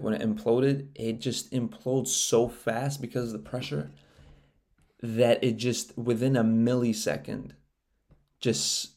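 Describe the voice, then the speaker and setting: A young man hosting a casual solo podcast, rambling with lots of swearing and frequent laughter, getting loud and animated when he gets worked up. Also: on the low side, gravelly. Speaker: podcast host.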